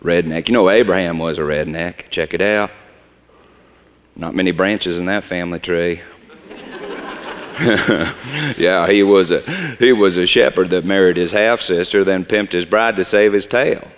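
An actor playing a bitter, joking redneck shepherd with a drawl, performing a theatrical monologue on a stage in a large hall. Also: male voice, fairly even intonation, measured pace, long pauses, a little hiss or hum. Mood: mocking. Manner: folksy drawl, swings from loud mockery to low bitterness. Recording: long reverb of a large hall.

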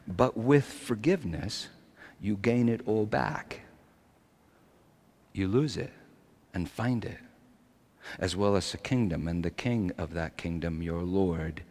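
A man preaching a sermon, moving between hushed, quiet passages and impassioned, raised delivery. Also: low voice, takes it slowly, long pauses, big-room sound. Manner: impassioned, swings from hushed to shouting.

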